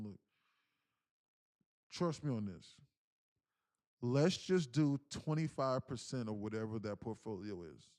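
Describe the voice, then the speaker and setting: On his live trading stream, a man with a mid-range voice talks in a casual, energetic way, full of slang, swearing, and frequent restarts.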